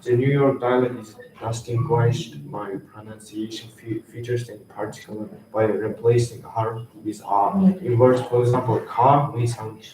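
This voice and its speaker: Halting young man, echoey and distant. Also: medium pitch, steady tone, darkish tone. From Kazakhstan. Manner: reads from slides, halting, with frequent restarts. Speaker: student presenter. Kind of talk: school research presentation. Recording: echoey room, distant mic, noisy.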